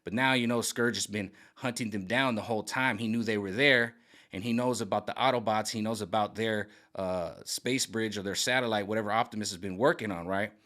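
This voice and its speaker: A man casually pitching his own version of a film's story. He rambles, searches for words with many fillers, and keeps checking in with "right?" and "okay?". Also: a little fast, fairly bright tone. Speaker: fan video creator. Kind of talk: casual pitch of a film rewrite.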